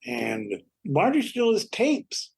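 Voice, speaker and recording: Older man telling lively stories. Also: high voice, takes it slowly, gravelly, slightly rough. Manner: lively anecdotal storytelling, acts out quoted voices. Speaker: comedy actor and writer, guest. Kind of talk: storytelling interview.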